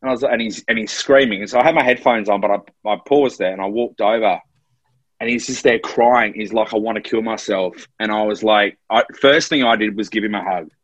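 A man's voice: on the low side, brisk, slightly rough, no echo, dull audio. An Australian man co-hosting a podcast, telling a personal story in an earnest, emotional way. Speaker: podcast co-host. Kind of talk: casual chat. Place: Melbourne, in lockdown.

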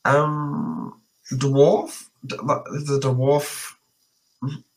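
A man's voice: mid-range voice, flat delivery, extremely slow, poor audio. A man playing a tabletop game, talking in a hesitant, playful way with many fillers. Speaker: player.

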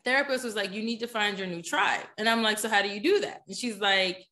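A woman guest on a podcast, telling a story in a casual, animated way and often checking in with "you know what I'm saying?". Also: mid-range voice, fast. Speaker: podcast guest, poker player.

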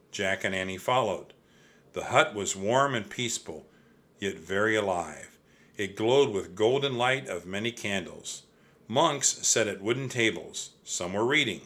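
A man reading a children's chapter book aloud as narrator, with expressive storytelling. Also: on the low side, measured pace.

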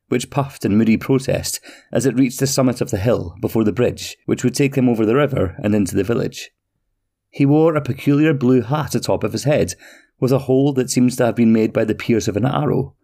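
Gravelly man telling a fairy tale. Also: medium pitch, warm tone. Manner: slow, measured storytelling. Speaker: podcast host and storyteller. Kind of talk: scripted fairy-tale narration.

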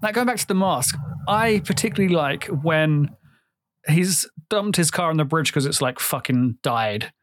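A man's voice: fairly high pitch, animated, normal speed, no echo, clean studio sound. A man with a British accent, co-hosting a podcast in casual chat, retelling film scenes and swearing freely. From Britain. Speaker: podcast co-host.

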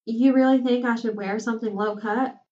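A woman's voice: fairly high pitch, fairly even intonation, normal speed, darkish tone, reverberant, distant mic, dull audio, voice pushed up, natural voice. A woman voicing a shy, sheltered college girl. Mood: timid. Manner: timid and hesitant.

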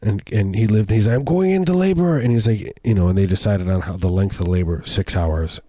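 A man's voice: low-pitched, little pitch movement, a little fast, warm tone, no echo. A man co-hosting a remote comedy podcast, spinning absurd rambling stories with many restarts. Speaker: podcast co-host. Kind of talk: improvised comedy chat. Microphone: remote recording setup.

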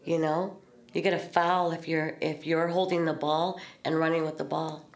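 A woman's voice: deep voice, little pitch movement, normal speed. Earnest middle-aged woman, echoey room. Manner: earnest, storytelling, spiritual talk with swearing and laughs. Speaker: podcast host. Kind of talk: candid heartfelt conversation.

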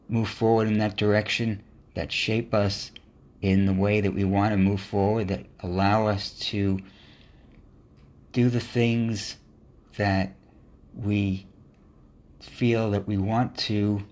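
A man hosting a motivational podcast, speaking in an earnest, encouraging monologue. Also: fairly low pitch. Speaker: podcast host.

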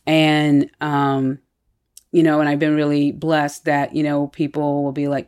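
Woman, deep low voice, candid, animated personal storytelling, casual chat. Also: unhurried.

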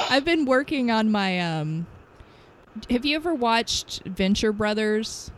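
A woman's voice: a little high, animated, slow pace, background noise. Laid-back woman with bawdy jokes. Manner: bawdy joking, laid-back, chuckles between lines. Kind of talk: casual chat.

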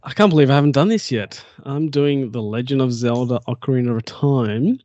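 A man co-hosts a podcast and runs a true-or-false quiz in quick, playful casual chat. His voice sits at an ordinary pitch. The audio is dry and slightly dull. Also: mellow, dry recording. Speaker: podcast co-host.

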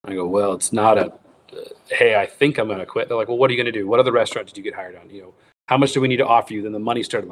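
A man's voice: lowish voice, steady tone, fast talker. A man in his thirties, a wild game cook, telling his story in a casual interview and acting out the voices of the people in it, with many restarts. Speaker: guest, wild game cook and recipe writer.

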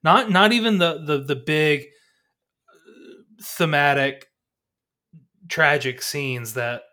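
A man's voice: fairly high pitch, takes it slowly, bright, forceful tone. A man co-hosting a movie podcast, talking in casual review chat and rambling through many restarts. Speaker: podcast co-host.

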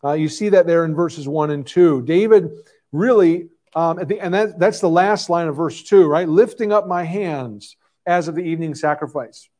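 High-voiced man preaching a sermon. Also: normal speed, darkish tone. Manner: earnest, conversational with frequent restarts. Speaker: pastor. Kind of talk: expository sermon.

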